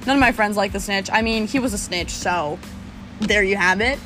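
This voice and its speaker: A young woman telling a story in casual chat, animated and swearing as she talks. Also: mid-range voice, moderate pace, soft background music. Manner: animated, swearing, laughing often.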